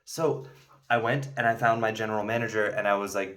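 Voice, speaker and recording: A man's voice: lowish voice, steady tone, fairly quick, a bit bright. A man casually telling a made-up story to camera, rambling with many fillers and restarts. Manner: acts out indignant outbursts in the story. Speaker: video host telling a story.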